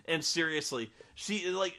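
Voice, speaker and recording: A man's voice: a little high, a little slow, sharp tone. A man giving a rambling, sarcastic and profane comedic film review.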